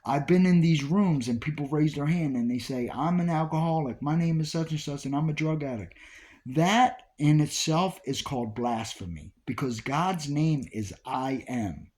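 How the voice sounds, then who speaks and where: A man's voice: on the high side, darkish tone. A man giving an informal Bible study talk, repeating key phrases with emphasis as he preaches. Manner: repetitive, emphatic preaching with restarts.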